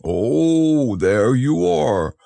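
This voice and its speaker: A man voicing a gentle, slow-witted male teddy bear in a storybook, with a slow, ponderous, musing delivery. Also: medium pitch, big pitch swings, gravelly, slightly rough, dry recording, exaggerated voice. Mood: anxious. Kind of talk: storybook character voice.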